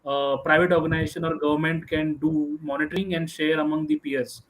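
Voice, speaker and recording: A man, relaying audience questions to the panel in a measured way. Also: a little high, little pitch movement.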